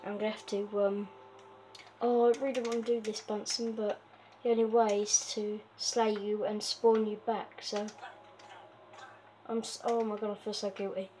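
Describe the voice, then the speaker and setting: A woman's voice: mid-range voice, level tone, normal speed, mellow, slight background noise. A woman hosting a casual game walkthrough, chatty and giggly, with lots of fillers and a habit of talking to her pet. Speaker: gaming video host.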